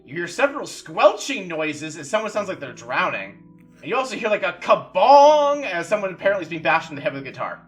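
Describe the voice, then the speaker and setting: Lively guy running a tabletop game, bright voice, quiet music behind. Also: high-pitched, a little fast. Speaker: game master.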